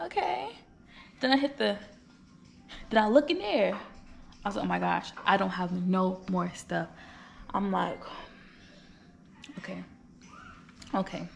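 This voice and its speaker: Young woman, 20s, casual vlogger, chatty and repetitive, light vocal fry. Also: mid-range voice, a little hiss or hum. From United States. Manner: chatty, repeats herself, talks straight to viewers. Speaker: vlogger running a small business. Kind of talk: casual chat to camera.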